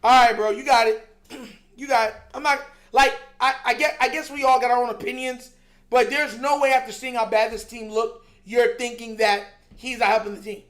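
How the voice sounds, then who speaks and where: A sports show host in an animated, exasperated rant, slangy and mocking, laughing between points. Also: medium pitch, moderate pace. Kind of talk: heated sports talk rant.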